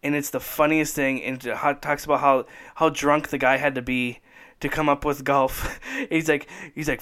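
Excitable man chatting, clear voice. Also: normal speed. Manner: excited, laughing, acts out bits in high voices. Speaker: podcast co-host. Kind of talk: casual chat.

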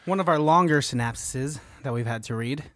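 A man co-hosting a podcast in casual chat, jokey and quick to get defensive, laughing often. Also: mid-range voice, a bit bright, no echo. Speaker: podcast co-host.

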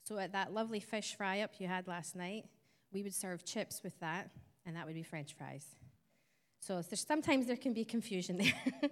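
A woman's voice: medium pitch, fairly bright tone. A woman from Scotland with a Scottish accent, a missionary giving a friendly presentation to a church congregation with light chuckles. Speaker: missionary speaker. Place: church sanctuary. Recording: long church hall reverb.

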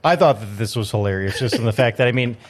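A man's voice: mid-range voice, quick pace. A man co-hosting a casual review podcast, giving strong opinions and often stammering as he restarts. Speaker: podcast co-host.

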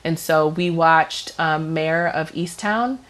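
A woman co-hosting a radio talk show, chatting casually with many fillers and quick asides. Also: sits low, a bit bright. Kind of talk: casual chat.

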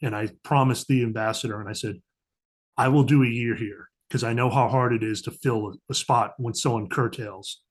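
A man's voice: medium pitch, normal speed, husky. A middle-aged man, a podcast guest, casually telling stories and acting out the lines of the people in them. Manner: animated storyteller, acts out quoted dialogue. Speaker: podcast guest, diplomatic security agent. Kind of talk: casual storytelling interview.

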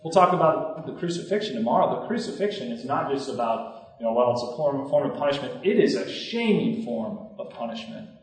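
A campus minister in his thirties gives students an earnest, conversational talk, restarting often and adding asides. He speaks fairly quickly at a medium pitch with big swings. The recording, made from far off, carries the echo of a large hall.

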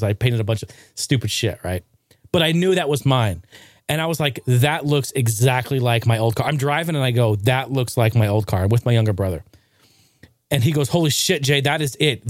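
A man hosting a podcast, telling a long personal story in a rambling, animated way, swearing casually, with lots of fillers and restarts. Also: mid-range voice, no room sound, clean studio sound. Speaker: podcast host.

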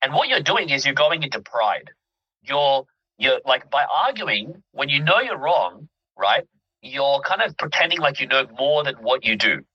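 A man's voice: medium pitch, very animated, a little slow, breathy edge. A man, a mindset coach, speaking as an interview guest, explaining earnestly with examples and often checking that the listener follows. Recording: dull lo-fi audio.

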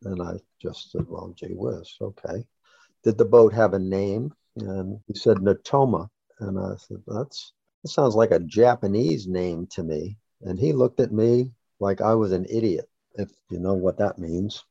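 A man being interviewed, recounting a personal story about his son in a halting way with restarts. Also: on the low side, creaky, dark tone, slightly rough, no room sound, highs cut off. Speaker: interview guest, father.

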